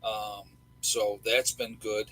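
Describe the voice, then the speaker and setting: Rambling folksy man with husky voice. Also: lowish voice, level tone, takes it slowly, a bit bright, rough recording. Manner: rambling, folksy, many fillers. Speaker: livestream host. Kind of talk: casual livestream chat.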